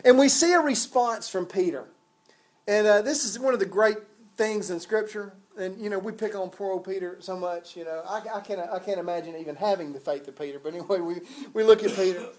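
A man's voice: sits high, brisk, noisy background. A man preaching a sermon in a conversational, folksy way, with chuckles and casual asides.

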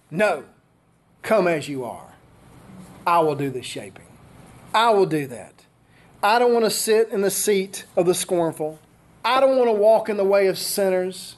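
An older male pastor delivers a sermon in a notably high voice. He builds his points through strings of repeated rhetorical questions, preaching straight to the congregation. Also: big pitch swings, a little slow.

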